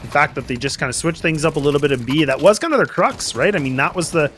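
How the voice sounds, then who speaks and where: A man giving quick, analytical color commentary on a competitive shooter match, chatty with frequent restarts. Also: a little high, animated, fairly bright tone, slight background noise. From Canada.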